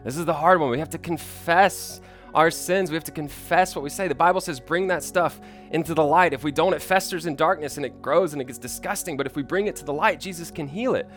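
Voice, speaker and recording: A man's voice: a little high, a little fast, a bit bright, faint music behind. A young man preaching a sermon, earnest and personal, often restarting his sentences. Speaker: pastor.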